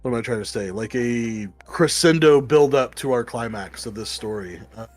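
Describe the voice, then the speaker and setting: A man co-hosting a casual podcast, talking through a comic book review in a rambling, excited way and swearing casually. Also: mid-range voice, normal speed, soft background music. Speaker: podcast co-host.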